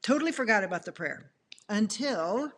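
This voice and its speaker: A middle-aged woman tells her love story with lively, animated expression. She acts out her own past thoughts and reactions with playful emphasis. Her voice sits at an ordinary middle pitch for a woman. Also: normal speed.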